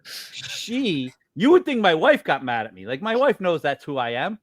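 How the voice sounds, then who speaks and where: Man, middle-aged, podcast co-host, casual storytelling, animated delivery, very dry recording. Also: a little fast, no room sound. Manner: animated storyteller, acts out quotes with big pitch jumps. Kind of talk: casual chat.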